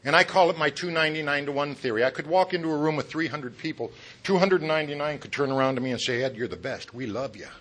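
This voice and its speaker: Bright-voiced middle-aged man, joking testimony. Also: a little high, fast, hardly any pauses. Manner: self-deprecating, jokey, chuckles at his own lines; talks straight to the audience with asides. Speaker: speaker at a recovery meeting. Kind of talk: humorous personal testimony.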